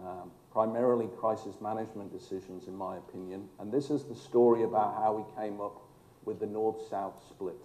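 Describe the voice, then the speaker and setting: A man's voice: lowish voice, mellow. A man, a former fire chief, telling emphatic stories with dry humor in a speech to an audience. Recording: echoey hall.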